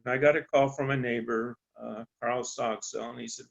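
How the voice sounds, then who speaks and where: A man's voice: mid-range voice, steady tone, creaky, muffled recording. Folksy rancher man telling a story. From eastern Colorado. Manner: folksy, halting, many ums and restarts. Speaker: rancher on a landowner panel. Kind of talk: storytelling on a panel talk.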